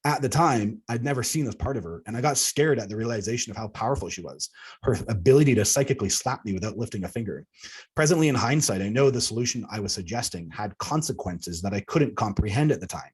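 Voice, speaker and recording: A man's voice: fairly low pitch, lively intonation, quick pace, slightly rough. A man reading aloud from his own book about alien contact, earnest, with casual asides to the audience. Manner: earnest, breaks into laughs at himself. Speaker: author.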